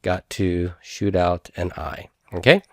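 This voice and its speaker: A man teaching a grammar lesson, explaining step by step, sounding out syllables slowly and checking in with his students. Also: deep voice, steady tone, a little mellow, dry recording, clean studio sound. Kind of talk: recorded classroom lecture.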